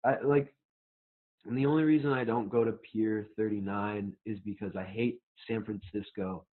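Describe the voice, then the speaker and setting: A man's voice: lowish voice, fairly even intonation, normal speed. Young man, rambling, tinny phone-like sound. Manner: rambling, filler-heavy, profane storytelling. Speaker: podcast guest. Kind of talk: casual chat.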